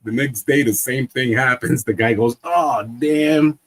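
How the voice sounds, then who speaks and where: A man telling a long joke to friends in casual chat, animated and laughing through his own punchlines. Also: medium pitch, normal speed, breathy edge. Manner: animated storyteller. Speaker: stream co-host.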